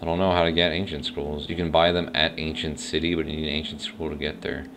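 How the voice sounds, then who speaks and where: A man with an extremely deep voice talks his way through a video game, rambling and thinking aloud as he goes. He often admits he isn't sure about things. Faint game music plays behind him. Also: little pitch movement, fast talker. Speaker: let's play host. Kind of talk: casual gameplay commentary.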